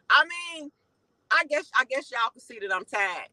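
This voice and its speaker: A Chicago-accented woman hosting a commentary channel, with a high, very bright, sharp voice. She speaks emphatically and turns heated, pushing into shouts. The sound is dry and close, with no room around it. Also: huge pitch swings, takes it slowly, long pauses, no room sound, low-quality recording. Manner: emphatic, heated, rising to shouts when indignant. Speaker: channel host giving commentary. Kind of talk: commentary rant to viewers.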